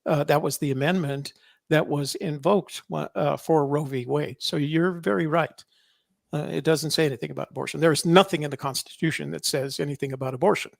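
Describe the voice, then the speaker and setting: A man's voice: fairly high pitch, fairly even intonation, brisk, creaky, no room sound, studio quality. A man co-hosting a podcast, talking casually and rambling, often correcting himself. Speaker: podcast co-host. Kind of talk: casual political chat.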